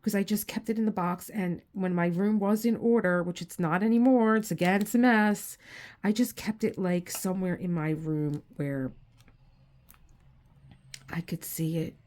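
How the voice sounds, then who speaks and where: A tired, low-energy woman chatting casually while doing a craft, rambling with many restarts and growing teary as she tells personal stories. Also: normal speed, a little mellow. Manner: rambling, restarts often, emotional storytelling. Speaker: crafting channel host. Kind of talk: casual chat while diamond painting. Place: home room.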